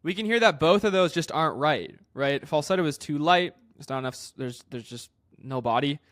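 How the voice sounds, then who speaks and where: A man with a fairly high voice talks through a singing lesson as a vocal coach. He explains in a relaxed, chatty way, full of fillers and restarts. The sound is close and dry, with little room echo. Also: fairly quick. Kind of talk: singing lesson with sung demonstrations.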